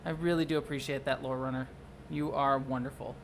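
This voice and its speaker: Rambling, excitable streamer chatting from home at a mid-range pitch; quick to apologize. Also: a little hiss or hum. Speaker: livestreamer and video producer. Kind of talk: casual livestream chat. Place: at home under a blanket.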